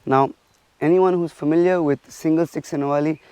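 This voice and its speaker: A man's voice: on the high side, fairly even intonation, fairly quick, dark tone, clean tone, no echo. A martial arts instructor from India, a man, explaining and demonstrating stick drills while counting strikes aloud.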